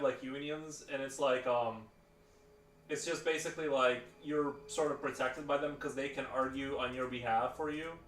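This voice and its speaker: A man livestreaming chats casually in a fairly high-pitched, fairly bright voice, rambling with lots of fillers and restarts. The recording is roomy, with a distant mic and faint background noise.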